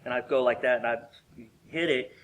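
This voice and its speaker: Bright-voiced man telling lively stories. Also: mid-range voice, brisk, a little hiss or hum. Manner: animated, laughs often and acts out quoted guests. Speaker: interview guest, former theme park worker. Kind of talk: casual storytelling interview.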